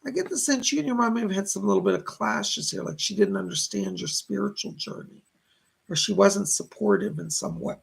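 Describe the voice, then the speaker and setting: A man's voice: high voice, brisk, creaky, slightly rough. A man hosting live-streamed psychic readings, relaying messages from spirits and thanking viewers for their donations. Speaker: psychic medium host.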